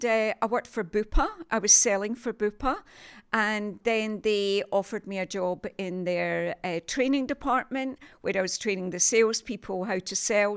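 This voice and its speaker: An older woman from England talks through her career in a chatty, self-mocking way. She laughs easily and keeps wandering off on tangents. Her pitch sits in the middle for a woman. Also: clean tone. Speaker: guest, TV sales presenter. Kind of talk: casual interview chat.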